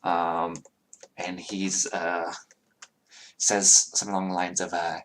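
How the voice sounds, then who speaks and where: A man's voice: sits low, level tone, slow, a bit bright, slight background noise. A man narrating as game master, rambling with many fillers and self-corrections.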